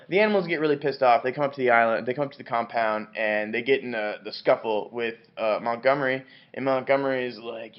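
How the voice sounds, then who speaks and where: Drunk on wine, a book reviewer retells a novel in a rambling comic review, swearing freely and stumbling through restarts and fillers. His voice is at an ordinary middle pitch, and he talks fast with few pauses. The recording is dull and lo-fi.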